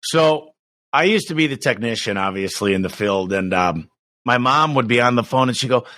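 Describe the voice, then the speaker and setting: Emphatic man with a bright voice. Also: medium pitch, no echo. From United States. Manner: energetic, emphatic, quick restarts, acts out quoted voices. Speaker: business owner guest. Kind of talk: casual podcast interview.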